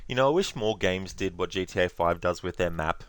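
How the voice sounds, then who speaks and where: A man's voice: low-pitched, expressive, a little fast, a little hiss or hum. A man hosting a let's play, chatting casually over gameplay with rambling, laughing asides.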